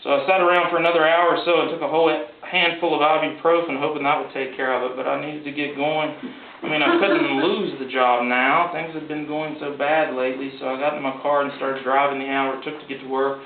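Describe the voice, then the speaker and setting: A man reading his own story aloud at a live event in a gallery, in a plain, wry, unhurried way. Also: fairly high pitch, little pitch movement. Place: art gallery. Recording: echoey gallery from far off, tinny with hiss.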